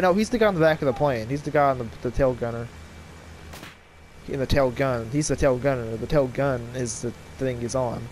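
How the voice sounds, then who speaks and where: A man rambling through casual gameplay commentary, tripping over his words and restarting his sentences. His voice sits at an ordinary middle pitch. Loud gunfire and battle sounds from the game run behind him. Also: a little hiss or hum. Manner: fast, jumbled speech with frequent stutters and restarts. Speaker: gaming channel host. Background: shooter game audio with gunfire and vehicles.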